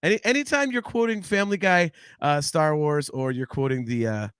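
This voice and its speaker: Bright-voiced, animated podcast host man. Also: fairly high pitch, brisk, smooth, no room sound, studio quality. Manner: animated, rambling, swears freely. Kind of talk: casual podcast chat.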